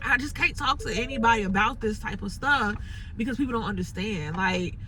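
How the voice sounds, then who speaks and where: A woman's voice: fairly high pitch, fairly quick, music in the background, rough recording. A woman from Chicago venting frustrated, rambling thoughts into her phone from inside a parked car, full of "like" fillers. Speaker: entrepreneur vlogger. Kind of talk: unscripted venting monologue.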